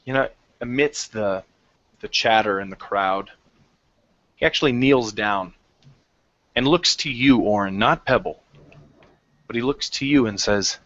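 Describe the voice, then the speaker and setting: Bright-voiced game master narrating. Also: male voice, fairly low pitch, measured pace, long pauses. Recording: dry, muffled lo-fi recording.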